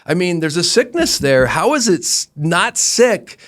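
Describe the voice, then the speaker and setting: A middle-aged man, a company founder, telling stories earnestly in an interview, animated, often restarting his sentences. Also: high voice, a little slow. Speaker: guest, roofing company founder. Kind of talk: conversational interview storytelling.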